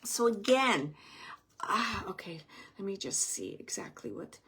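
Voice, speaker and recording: A woman reading oracle cards as a medium, speaking gently and reassuringly, thinking aloud with many fillers and pauses. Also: mid-range voice, big pitch swings, breathy edge. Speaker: oracle card reader and medium. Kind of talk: intuitive card reading for a viewer.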